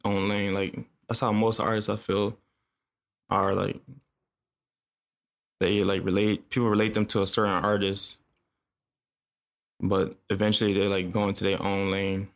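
A young man from upstate New York, a music producer talking in a laid-back, halting way with lots of fillers. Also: fairly low pitch, little pitch movement, creaky. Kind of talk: casual interview chat.

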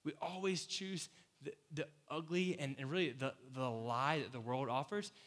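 A man preaching a casual, conversational sermon as pastor, animated, acting out quoted voices and laughing often. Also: on the high side, normal speed. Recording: long hall reverb.

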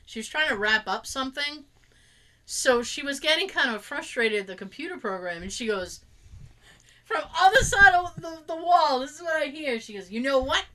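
A brisk woman whose voice sits high tells stories from work in a casual chat. She keeps it animated by acting out coworkers' lines.

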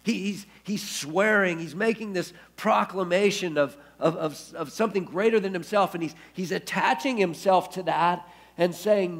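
Pastor guy preaching, gravelly and kinda husky, tells it like a story. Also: high voice, normal speed. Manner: storytelling, acts out quoted speech in the retelling. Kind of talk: sermon. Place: church.

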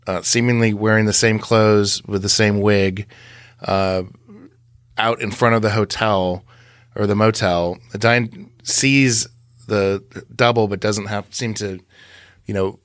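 A man's voice: lowish voice, fairly even intonation, slow pace, a bit bright, smooth, dry recording, studio quality. A man co-hosting a podcast, recapping and analyzing scenes in a meandering, self-correcting way. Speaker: podcast co-host. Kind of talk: casual podcast discussion.

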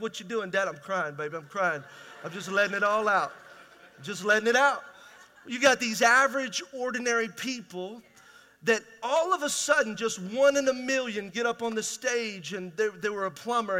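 A man's voice: high-pitched, sharp tone. A middle-aged man preaching a sermon as pastor, raw and conversational, asking his congregation rhetorical questions. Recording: reverberant hall.

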